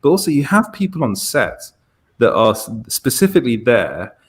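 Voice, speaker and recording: A man's voice: medium pitch, sing-song, normal speed, husky. A man from England with an English accent, chatting casually on a panel and stumbling over restarts. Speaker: podcast panelist. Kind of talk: casual group chat.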